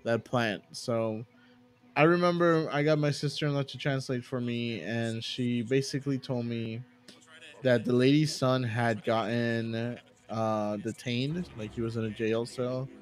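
A man chats casually to his live stream audience, spinning out a personal story. He wanders, backtracks and corrects himself, filling gaps with "you know" and "like". His voice sits at an everyday middle pitch. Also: steady tone, a little slow. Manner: rambling, self-correcting with many "you know" and "like".

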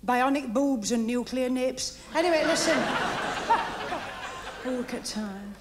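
A woman doing a stand-up routine, gossiping in a chatty way and firing off deadpan one-liners while laughing at her own jokes. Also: sits high, unhurried, a loud crowd, very noisy. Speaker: stand-up comedian. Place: TV studio stage before live audience. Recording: archive TV recording with audience laughter.

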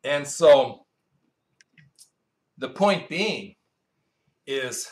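A man's voice: mid-range voice, animated, extremely slow. Man preaching in an echoey room. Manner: quizzes the congregation, asks and answers its own questions; conversational, with asides and storytelling. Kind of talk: Bible-teaching sermon. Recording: roomy echo.

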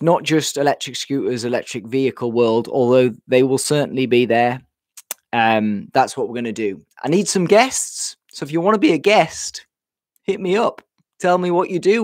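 A man's voice: a little high, no room sound. Chatty man hosting a live stream from home, out of breath, repeats himself, dry close webcam sound. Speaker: livestream host. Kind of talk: casual live-stream chat. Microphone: webcam setup.

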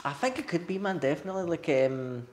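A Scottish man speaking as a guest writer-director in a casual interview, eager and quick, filling his talk with "man" and "definitely". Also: a little high, big pitch swings. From Scotland. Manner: fast, enthusiastic, peppers speech with "man" and "definitely".

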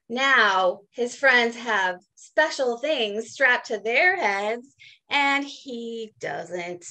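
A woman's voice: on the high side, expressive, very slow. Playful woman reading to kids. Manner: playful, gentle, talks to kids. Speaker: museum educator. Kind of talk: children's storytime reading.

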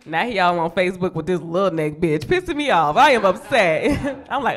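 A young adult woman with a Chicago accent doing a profane stand-up comedy set on a club stage, brash and quick to jump into high squealing voices for the people she quotes. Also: very animated.

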